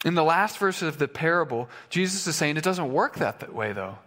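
A man's voice: on the high side, expressive, brisk, pushed and bright, big-room sound. A male pastor preaching a sermon in a conversational way, with fillers and restarts, in a church sanctuary.

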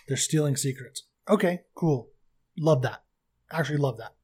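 An enthusiastic man co-hosting a casual chat, rambling and laughing at his own points. His voice sits a little high. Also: expressive, normal speed, darkish tone, breathy edge. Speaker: podcast co-host.

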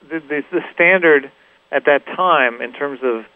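A middle-aged man, a guitarist guest in a radio interview, telling stories in a relaxed, rambling way with many fillers and restarts. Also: fairly high pitch, a little slow, narrow, tinny audio. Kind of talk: casual interview storytelling.

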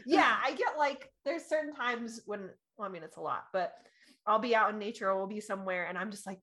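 A young adult woman co-hosting a casual chat, bubbly and animated, laughing often and acting out her own past reactions. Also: medium pitch, a little fast.

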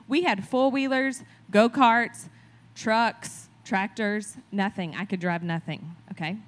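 A woman's voice: medium pitch, measured pace, a bit bright. Chatty woman telling a sermon story. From rural farm community. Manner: chatty, conversational, asks the crowd "right?". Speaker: church speaker.

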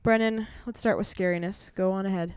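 A woman's voice: medium pitch, fairly even intonation, a little fast, darkish tone, smooth, no echo. A woman co-hosting a podcast, talking casually about films in an upbeat, chatty way full of fillers. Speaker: podcast co-host. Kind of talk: casual film review chat.

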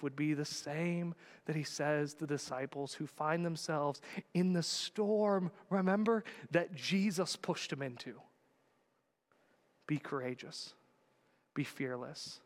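High-voiced preacher in a reverberant hall. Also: male voice, measured pace. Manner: dramatic swings from loud to hushed. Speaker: pastor. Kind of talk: sermon.

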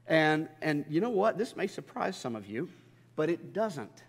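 A man's voice: a little high, big pitch swings, a little slow, slightly rough. A male pastor preaching a sermon in a church, talking conversationally and building to emphatic peaks. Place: church sanctuary. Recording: long hall reverb.

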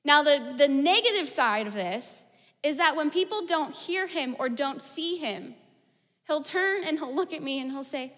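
A woman in her thirties delivers a sermon with a high, bright pitch. She talks in an animated, conversational way, full of stories and casual asides. Her voice rings out with a long hall reverb behind it. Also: measured pace. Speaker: preacher.

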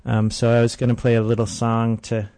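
A man's voice: medium pitch, completely flat delivery, brisk, mellow, dry recording. A man hosting a casual radio show, rambling and poking fun at himself. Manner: rambling, self-deprecating. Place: radio studio.

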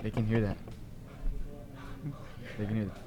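A man co-hosting a casual podcast chat, teasing and lively, jumping between loud bursts and mumbled asides. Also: fairly low pitch, normal speed, dull audio.

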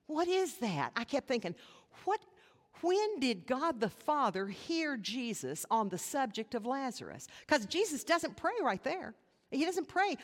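A woman's voice: a little high, very animated. Woman preaching in a reverberant hall. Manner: earnest, rhetorical questions, dramatic pauses. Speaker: pastor. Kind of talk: sermon.

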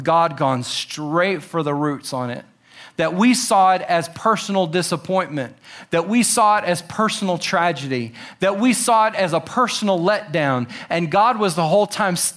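A man preaching a sermon, animated, acting out quotes with exclamations and dropping to slow, soft emphasis on key lines. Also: on the high side. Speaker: pastor.

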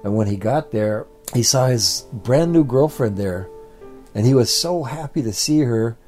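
A man's voice: mid-range voice, expressive, unhurried, darkish tone, soft background music. A man telling a family story aloud in a plain, repetitive storytelling way. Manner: repetitive, building phrases. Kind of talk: oral storytelling.

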